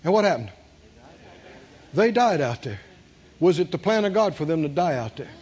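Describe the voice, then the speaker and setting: A man's voice: fairly high pitch, very animated, moderate pace, darkish tone, husky, highs cut off. A man preaching a sermon, emphatic and repeating his phrases, with call-and-response to the congregation. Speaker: pastor.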